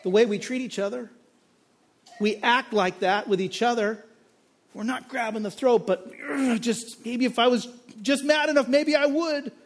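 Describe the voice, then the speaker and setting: A man's voice: very high voice, normal speed. A male pastor preaching a sermon on a parable, acting out the characters' lines with dramatic emphasis.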